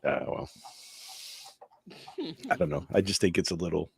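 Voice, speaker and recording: A man's voice: low-pitched, very animated, normal speed, creaky. A man co-hosting a casual podcast, rambling through his opinions with restarts and chuckles. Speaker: co-host.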